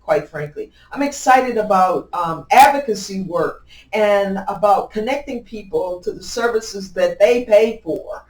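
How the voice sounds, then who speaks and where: An upbeat middle-aged county clerk from Illinois answers interview questions conversationally at a measured pace with few pauses. She's emphatic, with lively swings in pitch and loudness and frequent restarts. The room is echoey and the mic sits at a distance.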